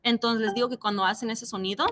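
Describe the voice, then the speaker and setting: A woman teacher with a clear, bright, forward voice walks through letter sounds step by step. She is patient and slows down to act out each sound for her students, switching between English and Spanish as she explains. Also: a little high, fairly even intonation, slight background noise. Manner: patient, explains slowly and models sounds aloud. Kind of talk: bilingual classroom phonics explanation.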